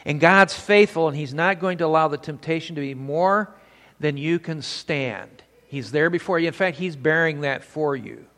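A man's voice: fairly high pitch, normal speed, a bit bright, long reverb tail. Older man preaching with folksy stories. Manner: folksy storytelling with scripture. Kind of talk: sermon.

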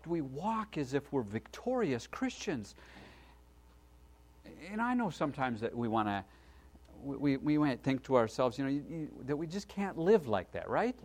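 A man's voice: mid-range voice, normal speed. Folksy man preaching a sermon. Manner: folksy, lively, asks the crowd "right?". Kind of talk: sermon storytelling.

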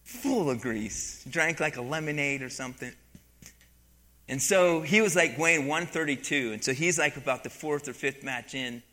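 A man preaching a sermon, telling a story from his coaching days with animated emphasis and acted-out quotes. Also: a little high, moderate pace. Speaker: pastor and former wrestling coach. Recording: long hall reverb.

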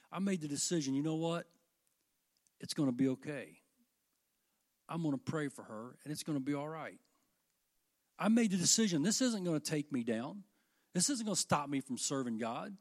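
An older man preaching a sermon to his congregation, with fervent delivery that rises and falls. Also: on the high side. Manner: fervent, rising and falling delivery.

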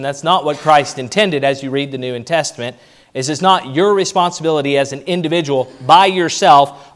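Male pastor, forceful pulpit preaching with swings in volume, voice on the higher side. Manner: emphatic preaching, rising and dropping in loudness. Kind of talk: sermon.

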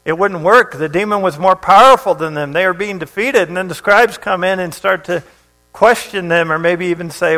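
Man, high-pitched voice, sermon, scripture reading, conversational preaching, fillers and restarts. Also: normal speed, pushed and bright, low-quality recording. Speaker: pastor.

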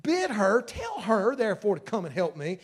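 A man's voice: high voice, wildly swooping pitch, normal speed, husky, exaggerated voice. A preacher voicing a frazzled complaining woman. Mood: exasperated. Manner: exasperated, pleading.

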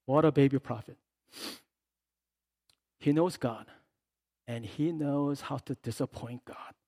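A man preaching a sermon as a pastor. He is animated, swinging from soft asides to loud, emphatic passages, and acts out the words he quotes. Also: mid-range voice, slow, no echo.

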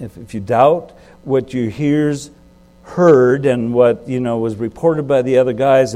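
In a conversational sermon, a male pastor puts questions to his listeners, emphasizing ideas through sudden jumps in pitch and loudness.

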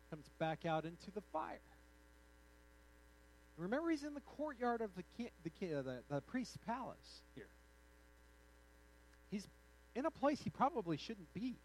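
A man preaching a sermon in an animated, conversational way, acting out the quotes in his story. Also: sits high, a little slow, pauses often, a little hiss or hum, low-quality recording. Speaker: pastor.

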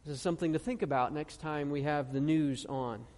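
A pastor preaching a sermon in an earnest tone. He asks the congregation questions and reads scripture slowly, stressing each phrase. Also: a little high, a little mellow. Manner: earnest preaching with rhetorical questions and slow emphatic scripture reading. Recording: long reverb of a large hall.

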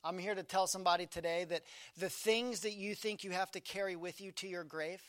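High-voiced man preaching, dry sound. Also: steady tone, a little fast, no echo. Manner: dynamic preaching, swinging from loud emphasis to hushed low delivery. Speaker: pastor. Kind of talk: sermon.

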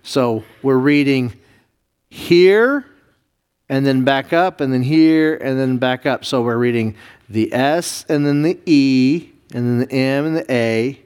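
A man, a pastor, teaching a Bible class, explaining Hebrew words slowly with many fillers and restarts. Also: mid-range voice, darkish tone, smooth. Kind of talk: classroom lesson reading Hebrew.

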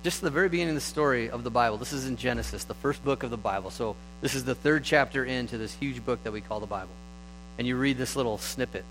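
A man giving a sermon, retelling stories in a relaxed, conversational way with animated stretches. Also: medium pitch, fast talker, a little hiss or hum, rough recording. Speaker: preacher.

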